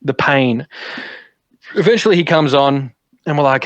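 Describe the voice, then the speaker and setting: A man's voice: mid-range voice, a little fast, dry recording. A man, a podcast guest telling stories in casual, swear-laden chat. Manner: swearing, animated storyteller.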